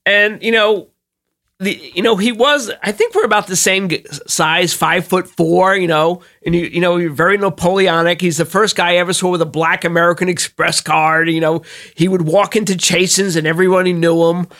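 A man telling showbiz anecdotes as a podcast guest, animated and acting out the people he quotes. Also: high-pitched, fairly quick. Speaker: guest, entertainment publicist.

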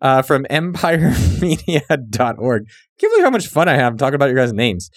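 A young man hosting a podcast, reading out listener names and riffing with quick jokes. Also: medium pitch, big pitch swings, dry recording, clean studio sound. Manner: joking, riffing, quick asides. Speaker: podcast host. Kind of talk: reading listener shout-outs.

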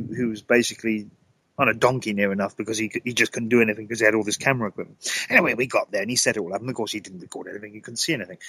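Husky-voiced man telling a lively story. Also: mid-range voice, no room sound, poor audio. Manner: lively, laughs often, repeats words. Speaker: guest. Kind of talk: storytelling in conversation.

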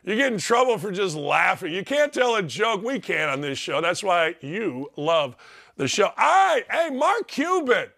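A man hosting a sports talk show in a high-pitched voice. His tone is bright and sharp. He rants sarcastically and mocks with loud bursts. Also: very animated, unhurried, vocal fry. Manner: sarcastic, mocking, loud outbursts, frequent laughing asides.

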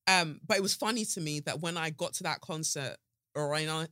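A woman in her thirties hosting a podcast in casual, animated chat, laughing often. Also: sits low, moderate pace, dry recording, studio quality. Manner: chatty, animated, laughs and breaks into song. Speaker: podcast host.

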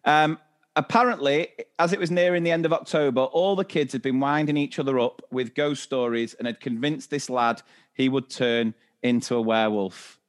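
A man, co-hosting a podcast and telling school stories with animated voices for the children. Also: moderate pace. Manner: animated storyteller, acts out kids' voices high and loud. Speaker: podcast co-host and teacher. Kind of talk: casual chat.

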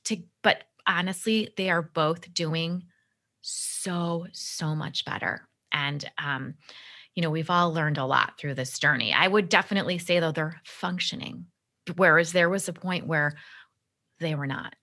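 Earnest woman with a bright, low voice. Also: a little slow. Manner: earnest, reflective, acts out quoted dialogue. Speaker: podcast guest, empowerment coach. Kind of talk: conversational interview storytelling.

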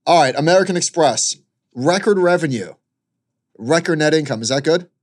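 A man co-hosting a casual finance podcast, relaxed, with dry asides and short replies. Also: on the high side, normal speed. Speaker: podcast co-host.

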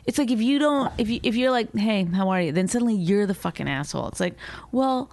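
A woman's voice: mid-range voice, expressive, fast talker, a little mellow, dry recording. A woman in casual chat, blunt and profane, who likes to mimic the people she talks about. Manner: blunt, profane, mimics cheery staff voices.

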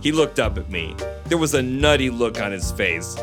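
A man's voice: medium pitch, moderate pace, music in the background. A man co-hosting a podcast, chatting casually and reading chapters of a novel aloud. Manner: animated, laughing, many fillers. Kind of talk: casual chat and book reading.

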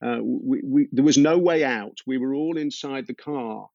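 A man being interviewed as a musician, telling stories thoughtfully with many pauses and fillers. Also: mid-range voice, creaky, warm tone, dry recording. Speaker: musician guest. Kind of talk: relaxed interview storytelling. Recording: dull, dry lo-fi sound.

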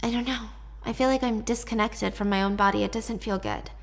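A woman's voice: mid-range voice, fairly even intonation, brisk, creaky, natural voice. A woman voicing a nervous young man who speaks hesitantly and defensively. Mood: shaken.

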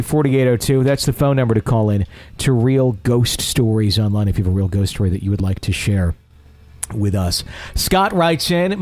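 A man's voice: medium pitch, a little mellow. Easygoing male podcast host. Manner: easygoing, rambling with self-deprecating humor. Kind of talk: casual podcast chat and reading listener letters.

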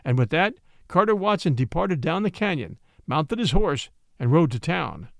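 Male storyteller, high lively voice, expressive audiobook read, dry close sound. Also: moderate pace, gravelly, no room sound. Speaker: story narrator. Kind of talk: audiobook reading.

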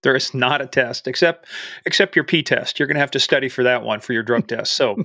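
A man's voice: mid-range voice, fairly quick, sharp tone, no room sound. A man hosting a podcast in casual chat, playful and jokey, tossing in bits of Spanish. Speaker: podcast host.

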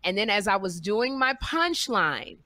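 Woman comedian, podcast co-host, bright tense voice, dry close sound, animated storyteller. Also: a little slow, no room sound. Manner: animated, acts out quotes with big pitch jumps. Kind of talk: casual storytelling chat.

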